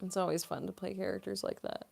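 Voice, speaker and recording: A woman's voice: mid-range voice, steady tone, quick pace, vocal fry, a little mellow, soft background music. A young adult woman, a voice actress, chatting casually on a live-stream Q&A, giggly and full of "like" fillers.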